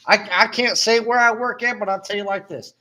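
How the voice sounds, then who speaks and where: A man with a notably high-pitched voice talks in casual, profane chat. He vents bluntly and swears constantly, and he coughs now and then between stories. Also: fairly even intonation, brisk, pushed and bright. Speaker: podcast co-host.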